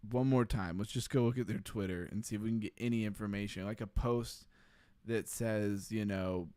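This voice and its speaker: A man hosting a casual livestream who keeps laughing and reads viewer chat out loud. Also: fairly low pitch, fairly even intonation, normal speed, clean tone, no echo. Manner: laughing often, reading chat aloud. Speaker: livestream host.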